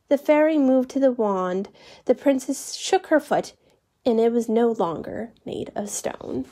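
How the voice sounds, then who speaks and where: Calm storytime reader, woman, mellow and unhurried. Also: on the high side. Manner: calm, expressive read-aloud. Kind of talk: reading a children's story aloud.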